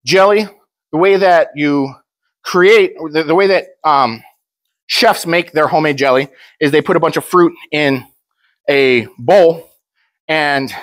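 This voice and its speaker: A man's voice: on the high side, unhurried, a bit bright, dry recording. Blunt, rambling young man, dry sound. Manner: rambling, blunt and joking, with frequent restarts. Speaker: powerlifter vlogger. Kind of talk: casual talk to camera.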